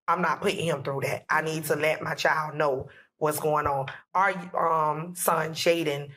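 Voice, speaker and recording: A woman's voice: deep voice, fairly even intonation, measured pace, fairly bright tone. A woman, telling an emotional personal story as a podcast guest, acting out what everyone said. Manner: emotional, retelling dialogue with many "I said, he said".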